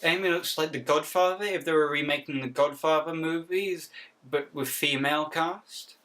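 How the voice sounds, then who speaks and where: A man, delivering deadpan quips about outfits with sudden mock outbursts as a comedy vlogger. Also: a little high, normal speed, far from the mic. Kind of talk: jokey outfit commentary.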